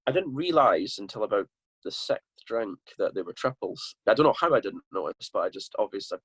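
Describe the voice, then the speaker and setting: A man's voice: on the low side, big pitch swings, fairly quick, a bit bright, husky, no echo. A Scottish man telling a rambling, sweary tour story as a podcast guest, with lots of restarts. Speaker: guest musician.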